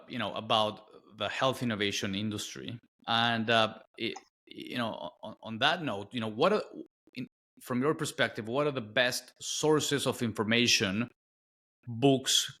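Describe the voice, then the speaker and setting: Man, podcast host, bright sharp tone, halting long questions, restarts. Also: mid-range voice. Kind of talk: podcast interview.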